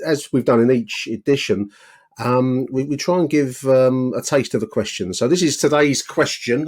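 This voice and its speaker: A man's voice: mid-range voice, darkish tone. A man hosting a casual football podcast, chatty and rambling with filler words. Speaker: podcast host.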